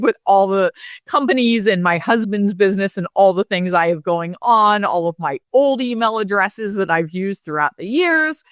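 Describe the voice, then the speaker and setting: A woman talks in a casual, candid way, like a coaching podcast host. She tells a story with animated ups and downs and loose fillers, in a mid-range voice. The sound is close and dry, with no room around her. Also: mid-range voice, dry recording. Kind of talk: casual solo talk, coaching tone.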